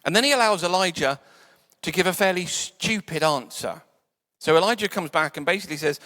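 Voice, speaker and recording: A man preaching a sermon in a church, conversational and playful, sometimes dropping to soft quiet tones. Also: high-pitched, brisk. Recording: church hall reverb.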